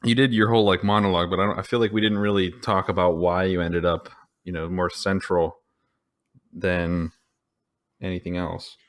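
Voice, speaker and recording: A man's voice: sits low, level tone, normal speed. A man hosting a podcast, steering the discussion with wry follow-up questions. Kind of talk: casual discussion.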